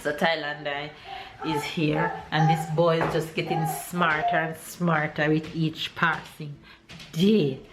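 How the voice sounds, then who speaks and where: A woman with a Jamaican accent chatting casually in her home kitchen for a vlog, relaxed and tired, laughing easily. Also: low-pitched, slow pace. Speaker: vlogger and mother. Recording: echoey kitchen with background noise.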